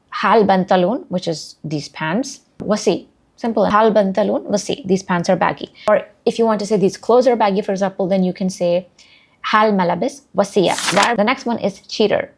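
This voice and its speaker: Woman doing a casual vocab lesson, urdu speaker, chatty and self-mocking, average pitch. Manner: chatty, self-deprecating, repeats words slowly. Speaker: language learner teaching vocabulary.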